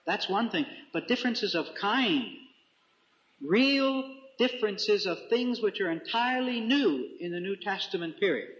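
A man preaching a Bible teaching sermon, reading scripture slowly and deliberately with careful emphasis. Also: sits high, animated, fairly bright tone. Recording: echoey room, dull lo-fi sound.

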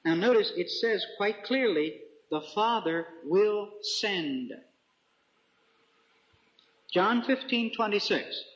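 A man preaching a Bible teaching sermon, reading scripture slowly and deliberately with careful emphasis. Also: high voice, expressive, a bit bright. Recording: echoey room, dull lo-fi sound.

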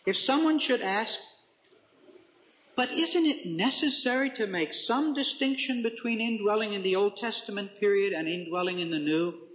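Man teaching from the Bible, high voice, deliberate scripture reading, roomy lo-fi recording. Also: fairly bright tone. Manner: deliberate, reads scripture slowly with emphasis. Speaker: preacher. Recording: echoey room, dull lo-fi sound.

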